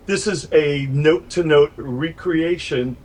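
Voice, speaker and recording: A man's voice: fairly high pitch, slow. Older man rambling on a video call. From New York. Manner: animated, rambling storyteller with many restarts. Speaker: guest musician and producer. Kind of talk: casual interview over video call. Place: home studio full of synth gear.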